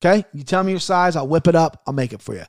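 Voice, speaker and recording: A man's voice: fairly high pitch, expressive, quick pace. A man hosting a solo podcast, talking bluntly and rambling with lots of swearing and restarts, and getting fired up as he pushes his listeners. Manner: gets fired up, pushing listeners hard. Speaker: podcast host.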